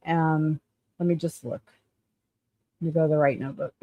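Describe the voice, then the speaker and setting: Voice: mid-range voice, fairly even intonation, moderate pace, phone-quality sound. A live-stream host in casual, profane commentary, chatting and thinking aloud while searching through notes.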